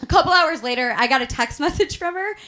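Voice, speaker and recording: A woman's voice: high-pitched, animated, quick pace, sharp tone. A young woman from Chicago doing a chatty stand-up comedy set on stage, laughing at her own jokes. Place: stage at a variety show taping.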